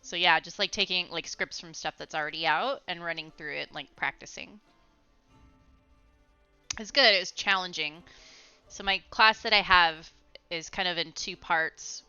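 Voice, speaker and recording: A young woman streaming from home, chatting casually and rambling while she plays a game, quick to laugh. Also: on the low side, sharp tone, smooth, no echo. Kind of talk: casual gaming stream chat. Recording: slightly muffled, faint music behind.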